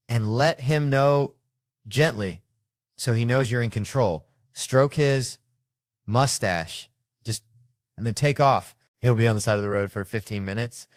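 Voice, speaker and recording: A man doing a stand-up comedy set, brash and loud, acting out the people in his stories. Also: medium pitch, normal speed, dry recording.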